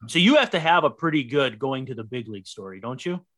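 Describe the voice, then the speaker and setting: A man's voice: mid-range voice, lively intonation, fast talker, a bit bright. A man hosting a podcast in casual chat, prompting his guest with short questions. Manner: brief reactions and prompting questions. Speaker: podcast host.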